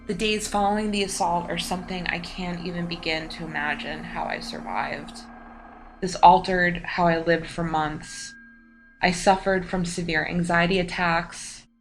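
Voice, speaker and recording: A woman giving a slow, solemn scripted voice-over narration for a documentary. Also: lowish voice, fairly even intonation. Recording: voice-over with music behind.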